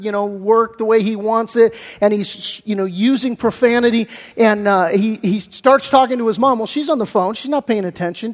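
High-pitched pastor guy, chatty storytelling sermon, big echoey church. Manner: animated storyteller, chatty, many fillers. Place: church sanctuary. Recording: long echo in a church hall.

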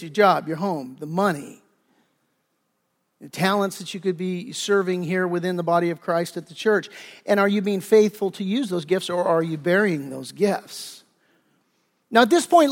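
A man with a high voice preaches a conversational sermon. He is animated, voices imagined listeners, and often restarts his sentences. His words ring out with the long reverb of a church hall. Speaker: pastor.

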